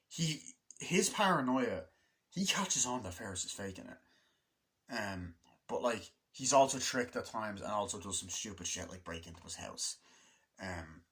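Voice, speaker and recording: A man's voice: on the low side, a bit bright. Rambling, cursing young man. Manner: swearing, rambling, acts out quotes in put-on voices. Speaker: movie reviewer. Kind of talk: rambling casual review.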